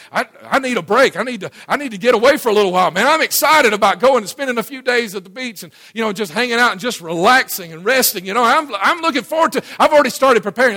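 A man's voice: high voice, pushed and bright. A middle-aged man preaching a conversational sermon to a church audience, folksy, asking the crowd questions and often restarting his words. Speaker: pastor. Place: church before a live audience.

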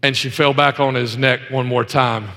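A man preaches with a forceful, bright edge. He shifts from loud emphatic lines to quiet asides and tells stories in a folksy way, repeating himself. The sound carries a long reverb, like a large sanctuary. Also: medium pitch, steady tone, normal speed. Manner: impassioned preaching, swinging from loud to hushed; folksy storytelling with repetitions. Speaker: pastor. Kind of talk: sermon.

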